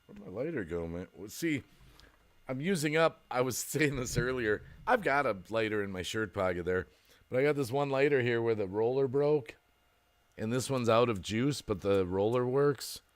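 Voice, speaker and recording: An American man talks casually on a home livestream. He rambles and laughs often, and his pitch rises and falls in a lively way as he chats with viewers. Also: moderate pace. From United States. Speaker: livestream host. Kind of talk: casual chat reading viewer comments.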